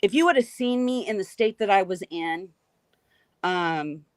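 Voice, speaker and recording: Woman guest telling her story super animated and emphatic, dry close sound, video call. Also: medium pitch, a little slow, no room sound. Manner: animated, emphatic, repeats key phrases. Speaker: guest recounting encounters. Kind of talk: emotional storytelling.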